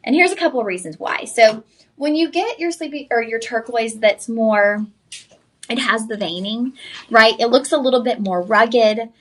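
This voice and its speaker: A young woman hosts a live shopping channel, pitching jewelry directly to viewers with chatty enthusiasm. She speaks at a moderate pace with a slightly bright tone.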